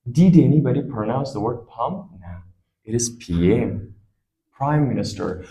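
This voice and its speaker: A man's voice: medium pitch, measured pace, darkish tone, poor audio. A man teaching an English grammar lesson, quizzing his students with repeated questions.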